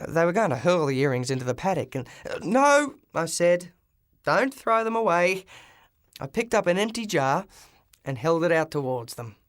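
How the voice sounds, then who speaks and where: A man's voice: a little high, animated, fairly quick, dry recording, studio quality. Man reading a story with stumbling restarts. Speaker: audiobook reader. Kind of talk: scripted audiobook narration.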